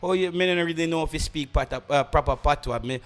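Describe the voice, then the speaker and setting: A man's voice: on the high side, fast, fairly bright tone, soft background music. Rambling Jamaican man mixing patois and English. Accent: Jamaican rural. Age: young adult. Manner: rambling, mixes patois and English, many restarts. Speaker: podcast host. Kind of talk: casual chat.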